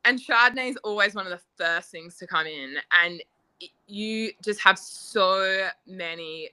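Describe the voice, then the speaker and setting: A woman's voice: medium pitch, measured pace, pushed and bright, clear, resonant tone. A woman winemaker, chatting casually as an interview guest and telling stories with lots of "like" and acted-out quotes.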